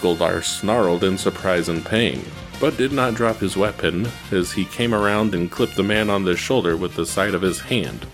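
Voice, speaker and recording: A man narrates an action story in a steady, even reading. His voice sits low, and faint music plays beneath him. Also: moderate pace, hardly any pauses. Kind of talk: reading fan fiction aloud.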